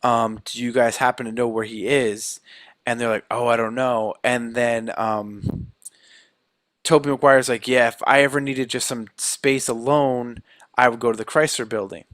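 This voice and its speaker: A man's voice: mid-range voice, moderate pace, dry recording. A man co-hosting a podcast, retelling a film scene by scene and acting out the characters' lines in a casual chat. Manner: animated retelling, acting out quotes. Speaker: podcast co-host.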